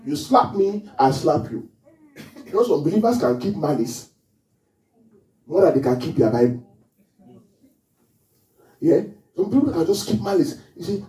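A man preaching to a congregation, his fairly high voice leaping up and down with each point. His tone is mellow and dark, and he keeps asking the room questions. He is heard from some distance in a roomy, echoing hall. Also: sing-song, unhurried, pauses often. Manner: questions the congregation often, call and response. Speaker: pastor. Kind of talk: sermon. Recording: echoey hall, mic far off.

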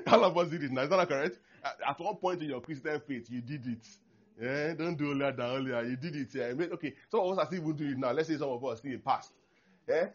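A man, a pastor preaching a sermon in an animated way, acting out prayers and laughing often. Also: mid-range voice, quick pace, slightly rough. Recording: dull lo-fi recording.

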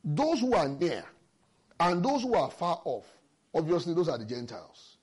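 Speaking at normal speed in a voice on the high side with a breathy edge, this man delivers a sermon. He explains scripture in a lively, emphatic way, illustrating it with stories from his own life.

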